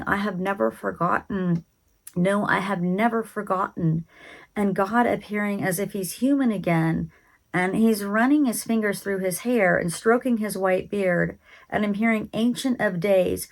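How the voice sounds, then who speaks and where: Hushed reverent woman with gravelly fry. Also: medium pitch. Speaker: speaker recounting a spiritual vision. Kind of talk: present-tense vision narration.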